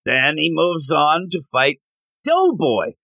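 A man's voice: fairly high pitch, wildly swooping pitch, slow, vocal fry, bright, forceful tone, no room sound. A man hosting a comic book podcast, chatting casually and acting out characters' lines in silly voices. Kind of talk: casual chat.

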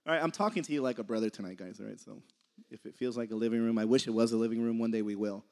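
A man's voice: on the low side, very fast, a little mellow. A young man giving a casual sermon, conversational and laughing often, sometimes losing his train of thought. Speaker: preacher.

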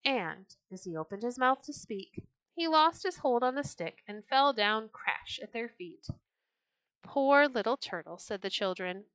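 A woman hosting a podcast, reading children's stories aloud in a clear storytelling manner. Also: on the high side, expressive, measured pace, a bit bright, poor audio.

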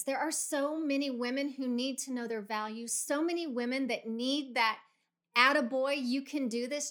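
A middle-aged woman hosting a motivational podcast, guiding listeners through a visualization and leading them in emphatic spoken affirmations. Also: on the high side. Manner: coaching, emphatic, builds to loud affirmations. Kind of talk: guided visualization pep talk.

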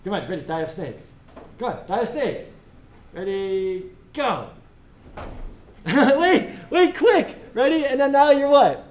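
A man teaching a classroom discussion, animated and joking, often laughing as he talks. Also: extremely high pitch, unhurried. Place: school classroom.

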